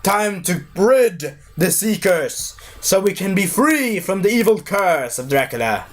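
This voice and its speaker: A man voicing an angry male priest who shouts orders at a mob, pitched well above his own voice. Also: sing-song, a little slow. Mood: commanding.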